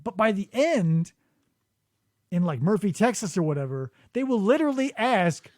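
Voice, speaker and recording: A man with a high, lively voice tells stories on a podcast, jumping between his own voice and acted-out quotes and swearing freely. The sound is dry and close, with no room around it. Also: a little slow, long pauses, dry recording. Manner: animated storytelling, acts out quotes, swears freely. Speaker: podcast host. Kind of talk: casual chat. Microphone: studio microphone.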